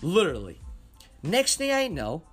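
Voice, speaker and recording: A man telling a personal story in a casual, heavily profane and animated way. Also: high-pitched, moderate pace, husky, faint music behind. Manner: animated, heavy cursing.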